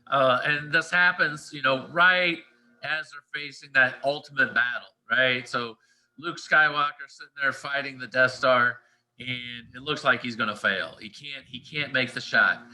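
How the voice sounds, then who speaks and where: Bright-voiced male teacher, casual lecture. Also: medium pitch, unhurried, rough recording. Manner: conversational, checks in often with "all right" and "right?".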